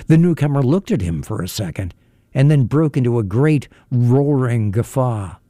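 A man narrating an audiobook in a measured, even manner. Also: medium pitch, gravelly, no room sound, clean studio sound.

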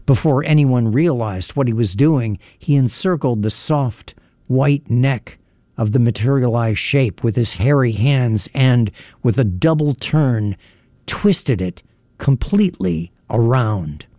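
A man narrating an audiobook in a measured, even manner. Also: mid-range voice, no room sound, clean studio sound.

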